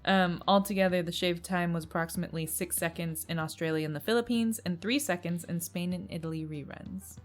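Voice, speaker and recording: A woman's voice: lowish voice, fairly quick, few pauses, soft background music. A young woman co-hosting a podcast, chatting casually, giggly and sharing trivia. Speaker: podcast co-host. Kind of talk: casual chat recapping a cartoon.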